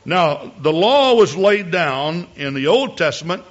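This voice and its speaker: A man's voice: on the high side, very animated, measured pace, dull audio. A male preacher giving a sermon from the pulpit, often repeating words as he builds a point and rising to emphatic peaks. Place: church pulpit.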